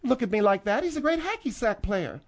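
A man's voice: very high-pitched, very animated, a little fast, a little hiss or hum, pitched above the performer's own voice, exaggerated voice. Man putting on a feisty older lady singer. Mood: defensive. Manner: indignant, defensive, gushing. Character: feisty older woman, a former backup singer. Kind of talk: radio comedy sketch.

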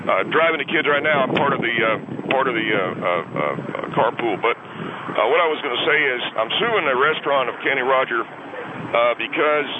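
A man's voice: medium pitch, normal speed. A man calling a radio show from a moving car, indignant and stammering as he rambles on. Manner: indignant, stammering, long-winded. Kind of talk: call-in radio interview. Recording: tinny phone line with road noise.

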